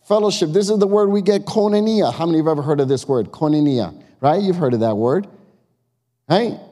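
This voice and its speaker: A man delivers an animated sermon as pastor, speaking slightly fast in a fairly high but dark-toned voice, conversational and emphatic as he quizzes the congregation. The sanctuary's long church-hall reverb colors the sound.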